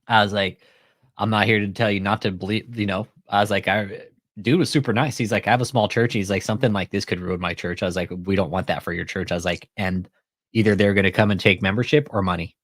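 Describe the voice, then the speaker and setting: Low-voiced man telling a profane story. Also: fairly even intonation, quick pace, no echo, clean studio sound. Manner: profane, retells phone calls with quoted dialogue. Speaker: commentary channel host. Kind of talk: casual commentary chat.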